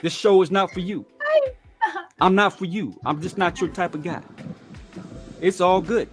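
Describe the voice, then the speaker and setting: A man's voice: high-pitched, normal speed, soft background music. A man hosting a talk show, ranting bluntly and swearing often. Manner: blunt, profane, confrontational. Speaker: show host. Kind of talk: casual profane talk show rant.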